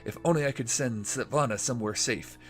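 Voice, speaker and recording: A man's voice: mid-range voice, brisk, soft background music, close to an everyday voice. A man voicing a worried older male trading-post keeper from a computer role-playing game, read aloud plainly in his own voice. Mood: gloomy.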